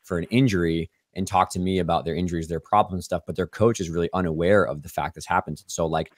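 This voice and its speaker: A man hosts a podcast interview, explaining things casually and quickly in a low, steady voice, hedging with lots of "like." The recording is dry with clean studio sound.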